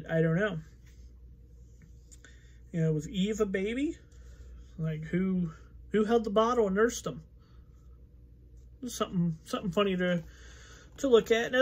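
A man teaching a Bible study in a casual, conversational way, reading scripture aloud and thinking out loud with fillers. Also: sits high. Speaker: pastor.

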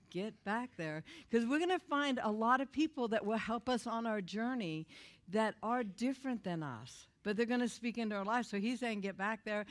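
A middle-aged woman giving a confessional testimony in a church, telling her story with emotion and laughter. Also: on the high side. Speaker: guest speaker. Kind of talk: testimony sermon.

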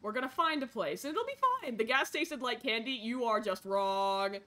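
A young woman with a fairly high voice, talking at normal speed, streams a game in the guise of a frazzled parent. Her chatter is chaotic and excitable, swinging from mutters to sudden shrieks.

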